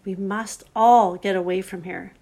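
A woman's voice: medium pitch, steady tone, a little slow, gravelly, mellow. A woman doing Mister Beaver, grave worried beaver. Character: earnest anxious male beaver, homely and protective.

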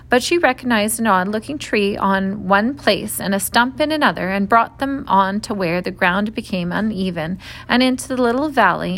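A woman narrating a children's novel in a steady, clear storytelling manner. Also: medium pitch. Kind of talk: audiobook reading of a children's novel.

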